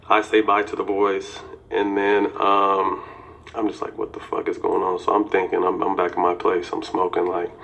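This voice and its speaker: A man's voice: on the low side, fairly bright tone, rough recording. A man in his forties telling a personal story casually and candidly, with swearing and lots of "you know".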